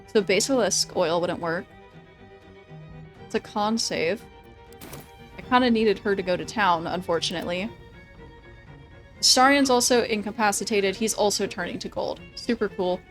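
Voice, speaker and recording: A woman's voice: medium pitch, moderate pace, pauses often, soft background music. Chatty woman streaming a game. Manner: chatty, laughs often, swears casually; thinks out loud through tactics. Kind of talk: casual gameplay commentary.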